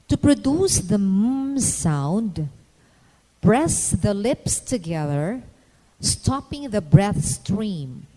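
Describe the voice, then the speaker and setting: A woman narrating a scripted phonetics lesson in a measured, instructional way, pausing to demonstrate each sound. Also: medium pitch, dark tone, long reverb tail, rough recording. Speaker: phonetics teacher.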